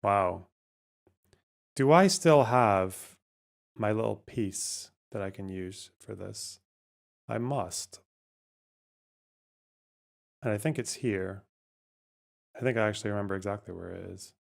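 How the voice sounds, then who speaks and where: A man's voice: fairly low pitch, takes it slowly, creaky, pauses often. A man hosting a live stream, talking casually, reacting to chat, and swearing as he goes.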